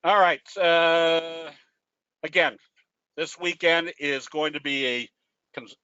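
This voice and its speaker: A man's voice: fairly high pitch, steady tone, slow, pushed and bright, clean tone, no echo. A man presenting a trading webinar in a casual, folksy way, telling jokes and restarting his sentences. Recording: dull lo-fi dry audio.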